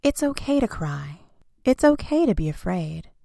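A woman voicing a strong, beautiful island that speaks very gently and reassuringly. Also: fairly low pitch, very animated, normal speed, gravelly, no echo, clean studio sound, exaggerated voice.

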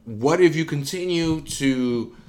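A man co-hosting a comedy podcast in casual chat, animated and often restarting his sentences. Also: a little high, takes it slowly. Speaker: podcast co-host.

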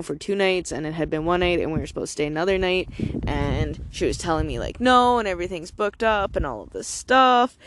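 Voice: mid-range voice, slight background noise. A young adult podcast host from Canada telling a personal story in a casual, rambling way, with lots of "like" and frequent swearing.

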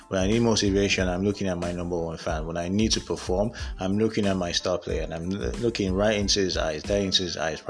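A man's voice: deep voice, a bit bright. A man from Africa hosting a solo motivational podcast. He talks candidly and rambles, and he often laughs at himself. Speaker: podcast host.

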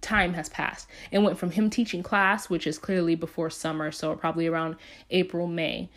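A woman with a fairly low voice recaps a film in a loose, chatty way. She talks casually and fills her retelling with fillers, jumping into the characters' lines as she goes. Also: steady tone, moderate pace, fairly bright tone. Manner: chatty storytelling with acted-out quotes and frequent fillers. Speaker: movie reviewer.

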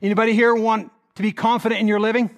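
A man's voice: sits high, flat delivery, very fast, vocal fry. A male pastor preaching to his congregation, dramatic as he voices the prayers of troubled people. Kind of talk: sermon. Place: church sanctuary with congregation.

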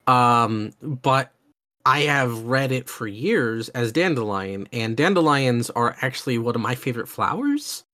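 Man, mid pitch, eager, rambling podcast host. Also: expressive, unhurried, sharp tone. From Oklahoma, USA. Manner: enthusiastic, rambling, many fillers and restarts. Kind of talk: casual chat.

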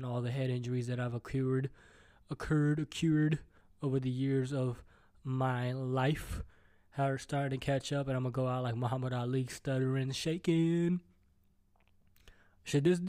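A man's voice: mid-range voice, mellow. A man hosting a solo podcast from home, ranting and rambling with lots of swearing, stuttering and restarting as he jumps between topics. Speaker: podcast host.

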